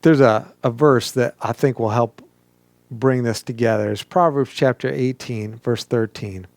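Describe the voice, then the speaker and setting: A man's voice: mid-range voice, a little slow, darkish tone, no room sound. A male pastor giving an interactive sermon, coaching listeners to speak aloud and mimicking whiny questions.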